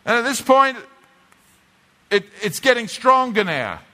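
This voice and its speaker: A man's voice: very high voice, very animated, unhurried, pushed and bright. A man, preaching a conversational teaching sermon from a drawing board, often repeating and restarting his words. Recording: long reverb of a church hall.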